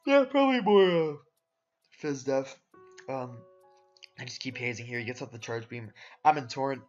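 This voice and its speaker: A man giving casual voice-over commentary on his own competitive game matches. He rambles in a laid-back way, with lots of fillers, and talks to viewers as "guys" and "boys". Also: medium pitch. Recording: dull lo-fi audio with background music. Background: soft guitar background music.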